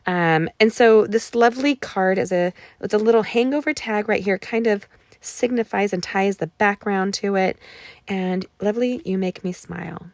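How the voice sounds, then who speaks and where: A woman's voice: medium pitch, moderate pace, no room sound. A woman in her forties hosting a live card-making class, chatting and telling stories while she works. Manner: chatty, storytelling asides while crafting. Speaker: craft class host. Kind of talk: live crafting demo chat.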